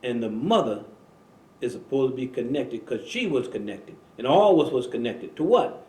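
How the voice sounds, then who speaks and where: A man hosting a religious broadcast preaches at an even, middle pitch, leaning hard on key words and repeating himself as he builds a point. His voice rings in a roomy studio. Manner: preaching, slow and emphatic, repeating phrases. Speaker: imam and show host. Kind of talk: religious talk radio conversation.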